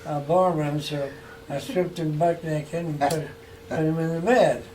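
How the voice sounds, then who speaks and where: A man telling funny stories about an old friend in a relaxed chat, chuckling and acting out the quotes. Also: a little high, measured pace. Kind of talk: casual anecdotal storytelling. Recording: distant mic with faint background noise.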